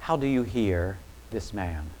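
A man preaching a sermon as pastor. He asks his listeners a string of rhetorical questions and drops low and quiet on key phrases. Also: expressive, unhurried, slight background noise.

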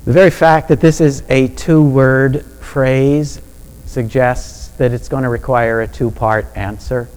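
A man preaching a sermon in a measured, deliberate way that builds to emphatic peaks. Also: mid-range voice, fairly even intonation, a little mellow, smooth, poor audio. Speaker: pastor.

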